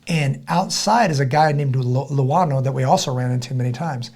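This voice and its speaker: A man's voice: mid-range voice, moderate pace. A middle-aged man in a podcast conversation, telling a story animatedly with frequent restarts and repeated words. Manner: animated, acts out other people's voices. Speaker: podcast guest.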